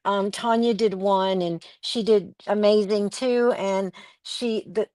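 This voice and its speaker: A woman's voice: mid-range voice, steady tone, slow pace, darkish tone, dry recording. A woman co-hosting a casual livestream, telling stories in a chatty way with lots of fillers and restarts. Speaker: co-host of a crafting livestream.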